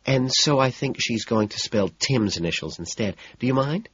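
A man voicing an anxious, well-mannered young woman in an audiobook, soft and hesitant. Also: medium pitch, expressive, moderate pace, slightly rough, no room sound, pitched above the performer's own voice. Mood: hushed. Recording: dull, muffled audiobook recording.

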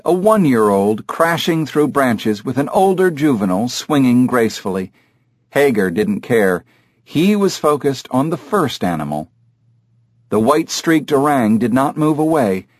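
An audiobook narrator reads a novel in a measured, storytelling manner. His voice is medium in pitch, and the studio-quality recording has no echo.

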